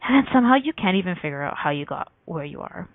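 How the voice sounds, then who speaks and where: A woman with a low, gravelly voice hosts a motivational radio talk, spinning animated stories and acting out the voices of the people in them. She laughs often between her points. The sound is dry and tinny, as if heard over a phone line. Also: fast talker, dry recording. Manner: animated storytelling, acts out quoted voices. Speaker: radio show host. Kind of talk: motivational talk show monologue.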